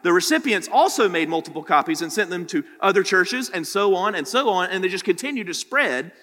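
Bright-voiced male pastor in a reverberant hall. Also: high voice, expressive, a little fast. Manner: conversational teaching, frequent "right?" tag questions. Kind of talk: sermon.

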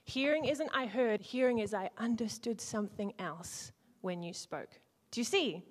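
A woman's voice: on the high side, moderate pace. Playful woman teaching in a reverberant hall. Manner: playful, swings between loud and hushed, acts out lines. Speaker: speaker teaching a church group. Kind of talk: interactive teaching talk.

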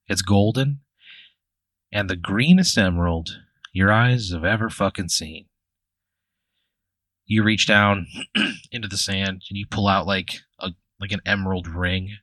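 Bright, forceful man spinning a rambling comic tale. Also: low voice, dry recording. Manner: rambling, profane, full of fillers and restarts. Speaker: comedy podcast host. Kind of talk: improvised comedic storytelling.

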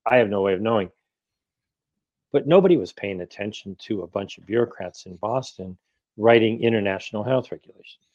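A man's voice: fairly low pitch, expressive, fairly quick, darkish tone, no room sound, dull audio. A man in his sixties, speaking as an activist guest in an interview, arguing emphatically and posing rhetorical questions. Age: 60s. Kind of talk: interview conversation.

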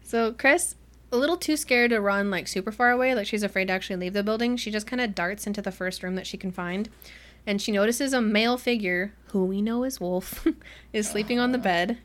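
A young woman co-hosting a podcast, casually recapping a novel with friends, giggly and animated, acting out the characters' lines. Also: mid-range voice, a little fast. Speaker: podcast co-host. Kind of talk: casual book-club chat, recapping a novel.

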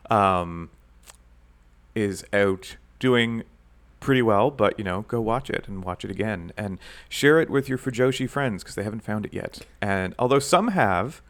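A man's voice: fairly low pitch, lively intonation, normal speed, few pauses, a bit bright. A young man co-hosting a casual podcast, playful and chatty, sometimes putting on a mock radio voice. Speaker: podcast co-host.

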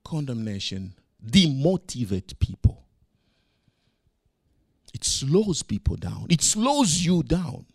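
Animated high-voiced male preacher. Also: slow pace, vocal fry, pauses often, husky, no echo. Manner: animated preaching, swings from loud emphasis to quiet asides; acts out his own quoted words to his son. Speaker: pastor. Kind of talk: sermon.

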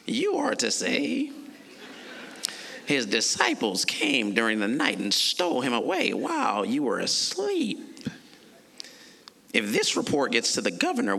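Dismissive Pharisee elder, sly and theatrical, voiced by a male preacher mid-sermon, bright gravelly edge. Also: medium pitch, wildly swooping pitch, measured pace, in a large hall, voice pushed down, heavily acted. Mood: scheming. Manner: theatrical, mocking preacher's impression.

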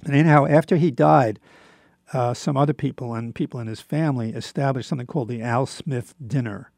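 Gravelly older man hosting radio. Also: mid-range voice, fairly quick, darkish tone, no room sound, clean studio sound. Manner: rambling, with many fillers and restarts. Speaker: radio show host. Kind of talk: casual monologue.

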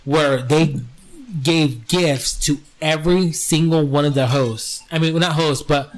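A man's voice: a little high, a little slow. A man telling a long story in casual podcast chat, swearing freely and acting out the people he quotes. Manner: profane, animated storyteller acting out quoted voices. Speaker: podcast co-host.

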